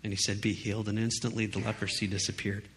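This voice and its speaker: Conversational male preacher, low voice. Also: level tone, fast, fairly bright tone, slight background noise. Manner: conversational, emphatic, frequent "you know" and "right?". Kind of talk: casual sermon.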